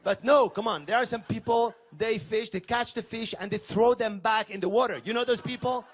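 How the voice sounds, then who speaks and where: A man with a French accent performing stand-up comedy in a comedy club, with an animated, punchy delivery. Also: high-pitched, normal speed. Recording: noisy club recording.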